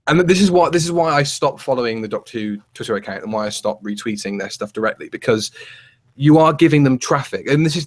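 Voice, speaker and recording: A man co-hosting a casual chat show, telling rambling, animated stories with many restarts. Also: mid-range voice. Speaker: podcast co-host.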